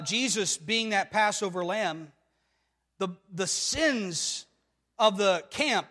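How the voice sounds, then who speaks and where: A man's voice: high voice, a bit bright, long reverb tail. A man preaching a sermon, emphatic and full of rhetorical questions to the congregation. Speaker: pastor.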